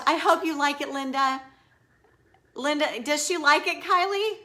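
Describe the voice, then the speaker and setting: Woman, middle-aged, bright, slightly high voice, rambling live-stream host. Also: a little slow. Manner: rambling, chatty, reads viewer comments aloud. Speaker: furniture painter hosting a live stream. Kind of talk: casual live-stream chat while demonstrating a craft.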